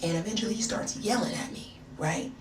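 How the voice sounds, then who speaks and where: A woman telling a personal story in a casual storytime style, animated and slangy, calling the listener "baby" and "girl". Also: mid-range voice, fairly quick. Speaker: storyteller, video creator. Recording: roomy, distant mic, noisy background.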